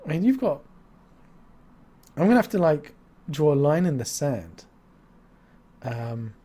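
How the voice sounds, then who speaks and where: A man's voice: a little high, big pitch swings, measured pace, warm tone. A man hosting a live-stream interview, chatty and jokey, rambling from topic to topic. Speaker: stream host.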